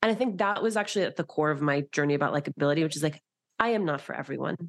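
Low-voiced woman chatting animatedly. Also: very fast. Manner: animated, quotes herself in jumpy voices. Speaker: guest, author and TV host. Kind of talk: casual conversation.

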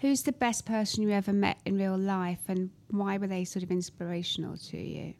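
A woman's voice: mid-range voice, fairly even intonation, normal speed, vocal fry, a little mellow, a little hiss or hum. A woman with a mid-range voice hosts an interview. She asks her questions with open, effusive admiration. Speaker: interview host. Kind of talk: casual interview chat.

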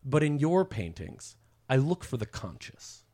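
A man's voice: mid-range voice, very animated, unhurried, warm tone. A man telling an art history story on a casual podcast, rambling with many fillers and restarts. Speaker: podcast guest explaining history. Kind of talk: casual chat.

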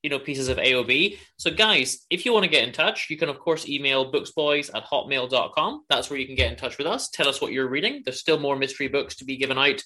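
Bright-voiced man, chatty podcast host. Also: medium pitch, fast talker, few pauses. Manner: chatty, upbeat, filler-heavy plugging. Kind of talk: casual chat.

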